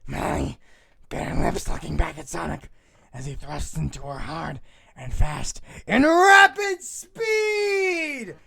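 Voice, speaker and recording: A reader gives a comedic, mock-dramatic reading of fan fiction and tries out silly voices along the way. The delivery is slow and drawn out, and the pitch swoops around a lot. The voice has a gravelly rasp. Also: sing-song, pushed and bright.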